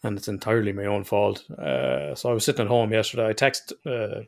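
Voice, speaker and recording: A man's voice: on the low side, fairly even intonation, a little fast, vocal fry. An Irish man telling rambling stories in casual podcast chat and swearing freely. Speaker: podcast co-host.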